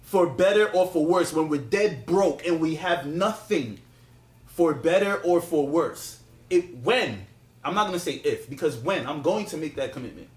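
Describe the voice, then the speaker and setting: A man's voice: fairly high pitch, lively intonation, moderate pace, reverberant, rough recording. A man hosting a podcast, arguing his point insistently in a heated casual debate, repeating himself and talking over his co-host.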